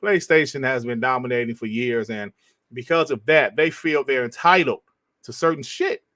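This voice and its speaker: A man's voice: medium pitch, moderate pace, a bit bright, no room sound, clean studio sound. A man hosting a casual gaming podcast over a call, loose and profane, often calling others bro. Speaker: podcast host. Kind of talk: casual chat.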